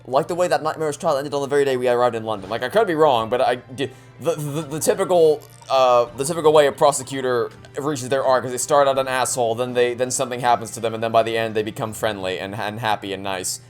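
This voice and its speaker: A woman's voice: a bass voice, fast talker, hardly any pauses, darkish tone, faint music behind. A woman giving chatty, joking commentary as she plays through a story game. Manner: chatty, joking, stumbling restarts. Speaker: let's play host. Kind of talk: casual gaming commentary.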